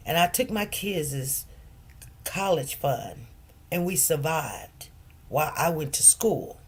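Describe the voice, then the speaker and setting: A middle-aged woman talking casually on a livestream, telling stories with lively, preacherly emphasis that drops quieter when she turns serious. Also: low voice, measured pace, slightly rough. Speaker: livestream host.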